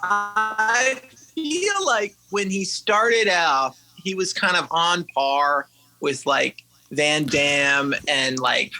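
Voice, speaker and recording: A man co-hosting a casual podcast, dropping slow joking asides. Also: high voice, music in the background, low-quality recording. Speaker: podcast co-host. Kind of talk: casual chat.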